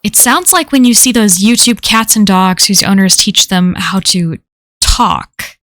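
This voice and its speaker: A woman's voice: mid-range voice, unhurried, a bit bright, no room sound. A woman reading a first-person horror story aloud in a casual, profane way. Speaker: story reader.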